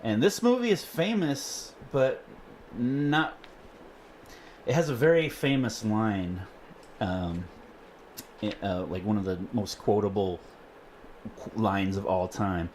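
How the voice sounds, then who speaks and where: A man's voice: slow, long pauses, a little hiss or hum. A man co-hosting a podcast at home, talking casually and laughing often. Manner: animated, laughs often, quotes lines in a higher voice. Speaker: podcast co-host. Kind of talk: casual chat.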